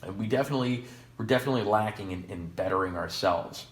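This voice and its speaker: Podcast co-host, male, low-pitched, wry and meandering, roomy echo. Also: quick pace. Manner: rambling, sarcastic, jokey asides. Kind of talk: casual chat. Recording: echoey room.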